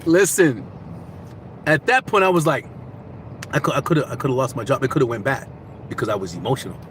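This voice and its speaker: A man vlogging casually, giving motivational life advice in animated, repetitive storytelling. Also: medium pitch, fast, background noise.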